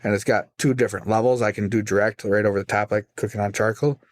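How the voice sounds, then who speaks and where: A man, a guest pitmaster, telling his story in casual, animated chat on a studio podcast. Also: fairly low pitch, fast talker, no room sound. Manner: animated, acts out voices in his stories.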